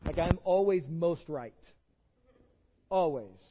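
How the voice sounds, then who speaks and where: A man's voice: a little high, expressive, slow pace, big-room sound, muffled recording. A pastor with a Texan accent, preaching a conversational sermon, often repeating words as he starts a phrase. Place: church sanctuary.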